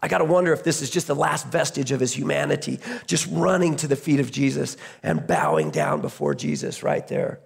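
A man's voice: mid-range voice, expressive, a little fast, gravelly, few pauses, husky. A man preaching a sermon as pastor, retelling a scripture story in a conversational way, often restarting his phrases.

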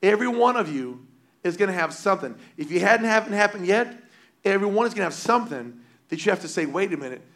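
A man preaching a sermon with passion, repeating phrases and swinging between loud and hushed delivery. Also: high voice.

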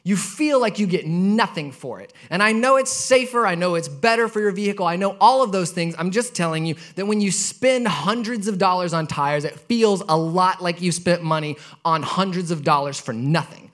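A man's voice: sits high, a bit bright. A man in his thirties preaching a sermon, telling a personal story in a conversational way and building to emphatic points. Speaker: pastor.

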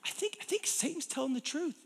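A man's voice: extremely high pitch, animated, quick pace, gravelly, voice pushed up, heavily acted. A man putting on giddy young Eve. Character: naive excited young woman, Eve. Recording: long hall reverb.

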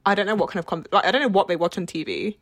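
A woman's voice: mid-range voice, rapid-fire, fairly bright tone, dry recording, clean studio sound. A young woman co-hosting a podcast, telling awkward stories in a casual, self-deprecating way. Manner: awkward, self-deprecating storytelling with frequent laughs. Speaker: podcast co-host. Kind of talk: casual chat.

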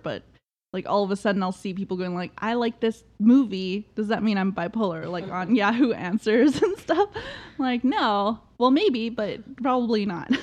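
A woman's voice: medium pitch, a little mellow. Giggly rambling woman. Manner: rambling, laughs often, many fillers. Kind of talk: casual conversation.

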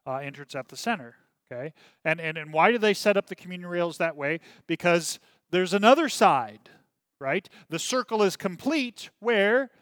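Bright-voiced man teaching a Bible class. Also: on the high side, lively intonation, normal speed, dry recording, studio quality. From Minnesota. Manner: conversational, checks in with "okay?" often; many fillers and restarts, reads passages aloud.

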